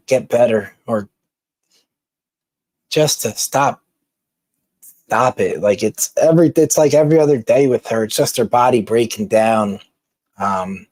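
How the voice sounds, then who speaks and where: A man from Philadelphia chats loosely with his live-stream viewers and reads their comments. He rambles and halts, tripping over words, restarting sentences and laughing a lot. His voice is middle-pitched with a darkish tone, and the sound is dry and close, with no room echo.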